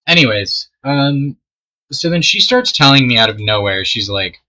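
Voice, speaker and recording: A young man with an intensely bright, sharp-edged voice rambles through a story, swearing and losing his train of thought. The sound comes through a dull, lo-fi mic. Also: medium pitch, expressive, moderate pace. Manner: rambling, swearing, trailing off mid-sentence. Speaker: storytelling gamer. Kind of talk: casual storytime while playing a game.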